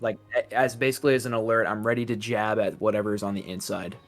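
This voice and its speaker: A man's voice: lowish voice, level tone, fast, soft background music. Casual man playing a tabletop game. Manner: casual, hesitant, checks rules aloud. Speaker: player.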